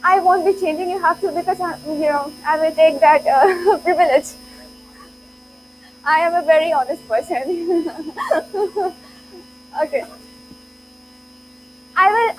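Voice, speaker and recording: A woman's voice: very high voice, a little hiss or hum, low-quality recording. A woman giving an interactive classroom lecture, playful, laughing often and urging the students on. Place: lecture hall.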